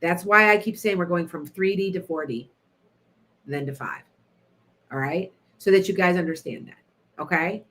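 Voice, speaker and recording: A middle-aged woman hosting an internet radio show, telling stories in a chatty, animated way, laughing often and talking to listeners by name. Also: fairly low pitch, normal speed, pauses often. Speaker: radio show host, psychic. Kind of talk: casual storytelling to listeners.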